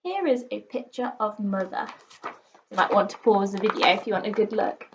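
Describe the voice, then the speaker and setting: A woman teacher reading a children's book aloud to pupils, expressive and playful. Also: mid-range voice, moderate pace, slight background noise. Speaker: primary school teacher. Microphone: recorded for an online class video. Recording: slightly muffled lo-fi recording.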